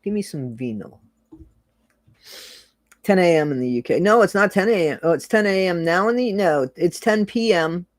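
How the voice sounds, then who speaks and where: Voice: mid-range voice, animated, fairly quick, hardly any pauses, dry recording, clean studio sound. A person hosting a casual livestream, chatting loosely and reading viewer comments aloud, repeating phrases and laughing often. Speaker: livestream host.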